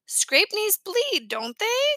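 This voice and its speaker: A woman voicing an eager, wily little boy in a storybook reading, turning shrill and gushing when he gets excited. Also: slow, no room sound, full character voice. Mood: sly.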